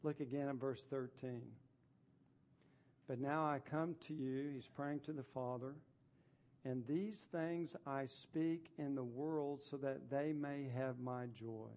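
Man, pastor, sermon, mellow warm voice, emphatic repetition, scripture reading. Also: mid-range voice, fairly even intonation, takes it slowly. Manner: emphatic, repeats phrases for stress; reads scripture aloud then explains it.

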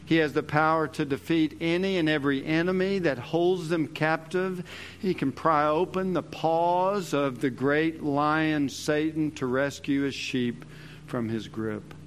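A man's voice: on the high side, unhurried, clear, resonant tone. A male pastor delivering an expository sermon, emphatic and repeating his key phrases.

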